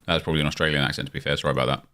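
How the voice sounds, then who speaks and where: A man's voice: extremely low pitch, fairly even intonation, very fast, bright, forceful tone. A young man chatting casually on a live stream, answering viewer questions as he plays a football game.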